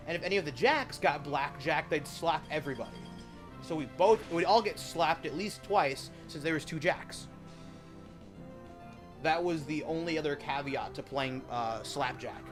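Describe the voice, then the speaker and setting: Rambling, opinionated young man streaming a game. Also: on the high side. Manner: rambling, opinionated, swears freely. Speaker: gaming streamer. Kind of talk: casual gameplay commentary.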